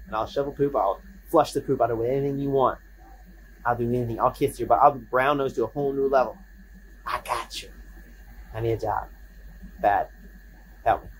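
A man's voice: medium pitch, a little hiss or hum, poor audio. A man making a casual birthday video at home, rambling, singing and coaxing his pet.

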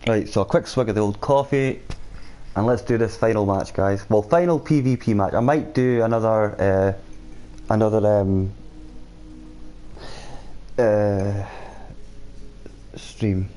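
Chatty male game streamer, mellow voice. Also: fairly low pitch, moderate pace, a little hiss or hum. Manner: chatty, reads and answers viewer chat while playing. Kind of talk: casual live-stream chat over gameplay.

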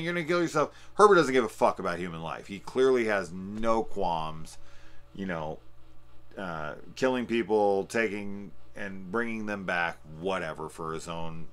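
A man giving a casual, rambling film review, swearing often and getting excited as he talks. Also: low voice. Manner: profane, excitable, rambling with fillers. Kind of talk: casual spoiler discussion.

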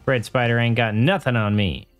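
Man, let's play host, casual gameplay chatter, self-mocking, mutters reactions, mid-pitched voice. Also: fairly even intonation, normal speed, faint music behind.

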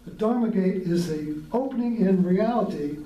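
High-voiced man, roomy distant sound. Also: normal speed, warm tone, muffled recording, slight background noise. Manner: reflective, rambling, chuckles often. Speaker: podcast host. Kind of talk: casual spiritual talk.

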